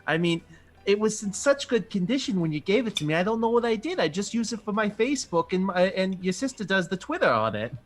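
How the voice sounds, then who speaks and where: A woman's voice: mid-range voice, sing-song, a little fast, pitched above the performer's own voice. A man voicing a doting, chatty middle-aged mother with a Minnesotan accent in a tabletop game. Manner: fussy, sing-song.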